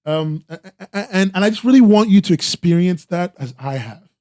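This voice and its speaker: A man talks through webcomics in an easy, rambling stream style, peppering every thought with "like" and starting sentences over. His voice sits a little high but has a warm, mellow tone. The sound is dry and close, with no room around it. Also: expressive, brisk, no echo. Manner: rambling, full of "like" and restarts, eager praise. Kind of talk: casual live-stream commentary.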